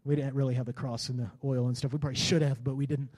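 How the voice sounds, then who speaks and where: A man's voice: mid-range voice, little pitch movement, very fast, a little mellow. A man, a pastor preaching a sermon, telling a personal story in a casual, conversational way and building to fervent declarations.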